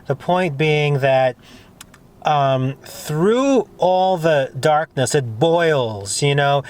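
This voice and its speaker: A man's voice: fairly high pitch, animated, takes it slowly, clear, resonant tone. A man hosting a casual conversation, talking in an earnest, rambling and emphatic way. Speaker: host.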